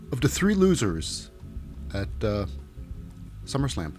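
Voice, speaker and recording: A man's voice: medium pitch, very animated, measured pace, long pauses, darkish tone, faint music behind. A man casually recapping a wrestling show, jokey and rambling with lots of fillers.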